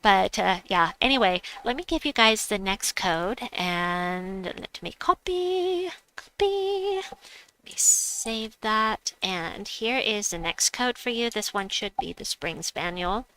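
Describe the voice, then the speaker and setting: A woman's voice: mid-range voice, lively intonation, measured pace, hardly any pauses, sharp tone, clear, resonant tone, low-quality recording. A woman streaming a game, telling a personal story in casual chat and reading viewer messages aloud.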